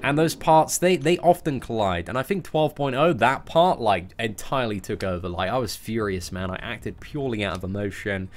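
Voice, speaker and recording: A man's voice: on the low side, expressive, moderate pace, hardly any pauses. A young British man hosting a game livestream, answering viewers in a casual, chatty way and peppering his talk with "man" and "you know". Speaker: livestream host.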